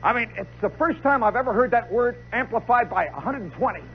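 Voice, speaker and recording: A man telling a comic story live, animated and dramatic, with chatty asides to the listener. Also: very high voice, a little fast, faint music behind. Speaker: radio storyteller. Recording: lo-fi 1960s radio recording with faint hiss.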